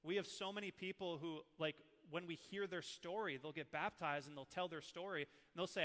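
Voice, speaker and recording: A man in his thirties, a preacher from Minnesota, teaching with animated, emotional personal stories. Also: fairly high pitch, brisk, few pauses, in a large hall.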